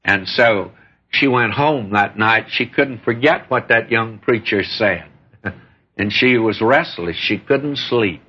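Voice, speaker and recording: A man preaching a sermon, telling stories in a folksy way with lively rises and falls in pitch. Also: slow pace, husky. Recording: dull lo-fi recording.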